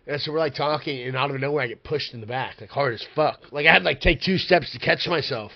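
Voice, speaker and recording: A man's voice: fairly high pitch, fast, vocal fry, muffled recording. Profane, rambling man telling a story. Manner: profane, animated, rambling with many "like" fillers. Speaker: podcast guest, pro wrestler. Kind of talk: casual storytelling.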